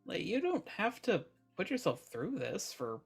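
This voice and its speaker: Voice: mid-range voice, wildly swooping pitch, a little slow, gravelly, breathy edge, faint music behind, heavily acted. A player voicing Janet, a blunt, protective older sister who brushes off strangers.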